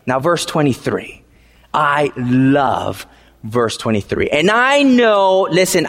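A man preaching a sermon, emphatic and repetitive, swinging from hushed lines to shouted ones. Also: a little high. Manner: emphatic, repeats phrases, swings between quiet and shouting. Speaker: pastor. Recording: long hall reverb.

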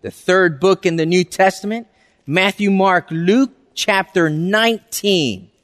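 A male pastor preaching a sermon. He reads scripture slowly and acts out everyday greetings. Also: high-pitched, a bit bright. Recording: reverberant hall.

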